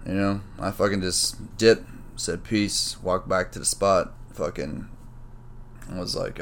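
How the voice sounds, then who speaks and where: A man's voice: deep voice, steady tone, measured pace, a bit bright, slight background noise. A man telling a personal story in a rambling, profane monologue full of slang. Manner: rambling, profane, streetwise slang, says "man" and "bro" a lot; reflective, gets worked up retelling a conflict.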